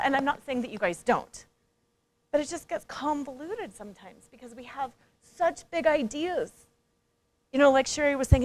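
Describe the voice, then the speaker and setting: Woman, high voice, coach giving a motivational conference talk, playful and interactive. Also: normal speed. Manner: lively, playful, engages audience with questions; acts out quoted voices. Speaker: speaker and coach.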